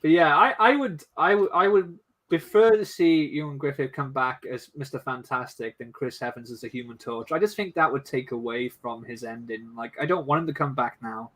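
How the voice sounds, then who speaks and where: A man's voice: medium pitch, normal speed, fairly bright tone. A man co-hosting a casual live-stream chat. He tells stories in a rambling way, often trailing off and restarting. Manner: chatty storyteller, trails off and restarts. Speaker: stream co-host.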